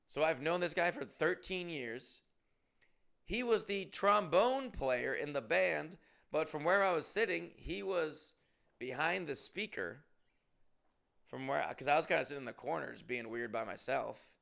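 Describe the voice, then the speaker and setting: A comedian from Massachusetts telling a rambling, profane story in a casual way and acting out what people said. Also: male voice, fairly high pitch, expressive, unhurried, creaky, a bit bright. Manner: rambling, profane, acts out quotes. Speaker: comedian and podcast host.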